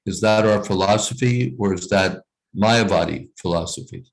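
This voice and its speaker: A man's voice: low voice, moderate pace, creaky, low-quality recording. A man leading a scripture reading class over a video call, explaining points thoughtfully with frequent "you know" asides.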